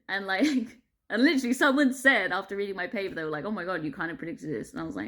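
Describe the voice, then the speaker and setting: A woman's voice: mid-range voice, quick pace, fairly bright tone. Brief: woman vlogger, casual rant, constant fillers, heavy swearing, frustrated laughs. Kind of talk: casual ranting monologue.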